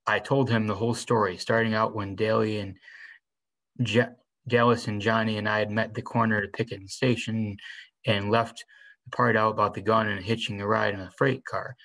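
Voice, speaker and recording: A man reading a novel aloud in the first person, unhurried, with small restarts. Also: fairly low pitch, flat delivery, a bit bright, low-quality recording. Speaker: reader.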